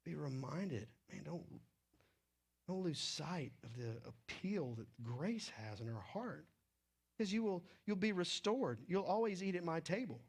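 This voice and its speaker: A man preaching a sermon in a casual, animated way, slipping into quick acted asides. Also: fairly high pitch, vocal fry, breathy edge. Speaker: pastor.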